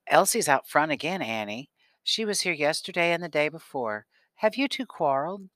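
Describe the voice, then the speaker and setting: A man voicing a kind, worried mother in an audiobook, speaking in a gentle, pleading manner. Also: a little high, big pitch swings, moderate pace, no echo, voice pushed up.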